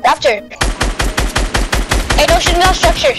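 A woman in game voice chat who curses and keeps calling out to wait and hold on. Her voice is quite high. Music and gunfire carry on behind her. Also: expressive, unhurried. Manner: swears and repeats pleading calls to hold on. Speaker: player in online game voice chat. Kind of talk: excited gaming voice chat.

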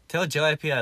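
A man's voice: a little high, a bit bright, no echo. Easygoing Australian young man, dry close mic. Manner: rambling, loose and easygoing, many fillers and restarts. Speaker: live-stream host. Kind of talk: casual live-stream chat answering comments.

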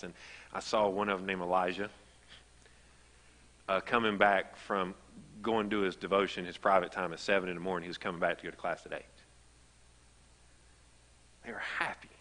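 A man's voice: on the low side, sharp tone, in a large hall. A man preaching a sermon as pastor, telling stories in a conversational way that builds to emphatic. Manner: conversational storytelling, rising to emphatic. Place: church sanctuary.

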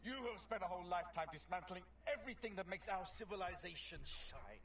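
A haughty dying governor. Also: male voice, sits high, quick pace, far from the mic. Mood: scornful. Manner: haughty, scornful. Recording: game audio with steady hum.

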